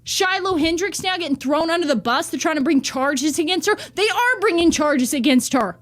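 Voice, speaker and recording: A woman's voice: very high voice, animated, normal speed, fairly bright tone. A woman delivering a heated, profane rant to camera in a vlog monologue. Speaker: vlogger.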